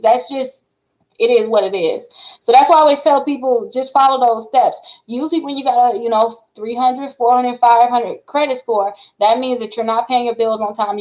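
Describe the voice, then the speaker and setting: Fast-talking woman hosting a livestream. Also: fairly high pitch, darkish tone, poor audio. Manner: fast-talking, chatty, addresses viewers as y'all. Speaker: credit repair livestream host. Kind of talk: casual livestream talk. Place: home setup with multiple screens.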